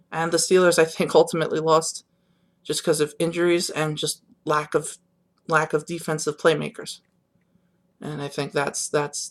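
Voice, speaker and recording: This sports vlogger, a young man, gives a casual, rambling reaction to the games, sounding subdued and disappointed and restarting often amid many fillers. His voice is on the high side with a fairly bright tone.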